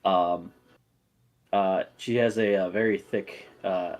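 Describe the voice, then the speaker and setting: A young man narrating as game master, relaxed, with lots of fillers. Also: low-pitched, takes it slowly. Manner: relaxed, frequent fillers, laughs easily.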